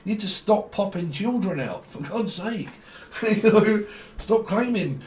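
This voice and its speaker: A man's voice: high voice, expressive, unhurried, darkish tone. Man, tarot reader, casual rambling monologue, blunt, slangy, echoey room. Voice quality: swears freely, laughs often, slangy. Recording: echoey room with faint ambient noise.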